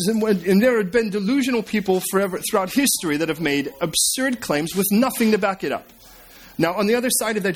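A man preaching a sermon, retelling scripture as a story and swinging between emphatic and hushed delivery. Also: high voice. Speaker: pastor.

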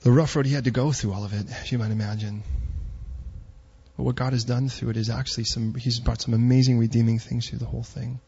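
A man's voice: mid-range voice, fairly even intonation, fast talker, gravelly, lo-fi sound, slight background noise. A middle-aged man preaching a sermon, telling stories and rising to emphatic peaks. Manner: storytelling, rising to emphatic near-shouting peaks. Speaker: pastor.

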